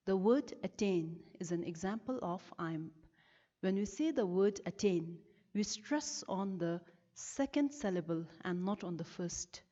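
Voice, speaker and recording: A woman teacher from Bhutan, giving a recorded lesson and explaining each term slowly and carefully, stressing the key words. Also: medium pitch, warm tone. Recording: lo-fi with long reverb.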